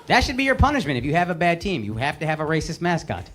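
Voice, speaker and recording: A man in his thirties doing a brash, profane stand-up set with crowd work, shouting his punchlines on a club stage. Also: fairly high pitch, wildly swooping pitch, very fast, noisy background. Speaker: stand-up comedian. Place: comedy club stage before a live audience. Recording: live club with loud audience laughter. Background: loud crowd laughter.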